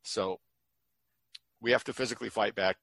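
Gravelly man hosting, heated delivery. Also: on the low side, steady tone, normal speed, a bit bright, no room sound. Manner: heated, emphatic ranting. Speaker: host. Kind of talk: talk show conversation.

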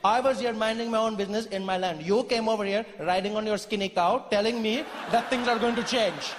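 A man's voice: high voice, fairly even intonation, brisk. A man performing a comedy sketch in a mocking, exasperated tone. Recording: long hall reverb with background noise.

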